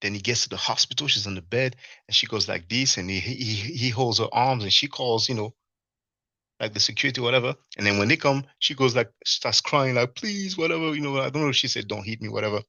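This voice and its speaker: Gravelly man telling a rambling story. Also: medium pitch, fast talker, dry recording. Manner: rambling, animated retelling with many fillers and restarts. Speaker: livestream host. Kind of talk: casual storytelling monologue.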